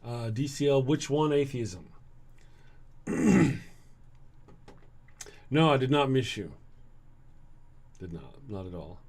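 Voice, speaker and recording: A man with a Southern US accent, hosting a casual livestream and answering chat. He sounds tired, talks bluntly and sarcastically, and clears his throat often. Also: medium pitch, big pitch swings, takes it slowly, pauses often, a little mellow. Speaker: livestream host reading chat.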